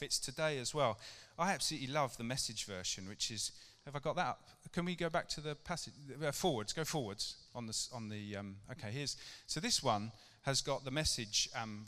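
Speaking at a medium pitch with a pushed, bright quality, a middle-aged preacher talks to his church in an easygoing, conversational way. He poses rhetorical questions to the people gathered in the church hall, where a long reverb lingers on the recording.

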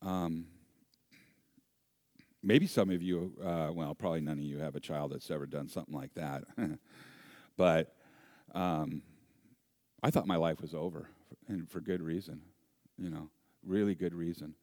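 Pastor, low voice, lively sermon storyteller, self-deprecating. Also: male voice, a little slow, long pauses, dry recording, clean studio sound.

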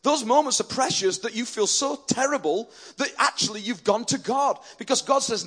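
A man with a fairly high voice preaches a sermon with earnest emphasis, stopping and restarting his sentences as he goes. He speaks as a pastor addressing his congregation. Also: moderate pace, hardly any pauses, fairly bright tone, slightly rough.

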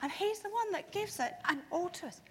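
A woman leading children's church, retelling a Bible story in a lively, playful way and quizzing the children. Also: very high voice, fairly quick. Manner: lively, playful, asks the kids questions. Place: large church hall. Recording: echoey hall.

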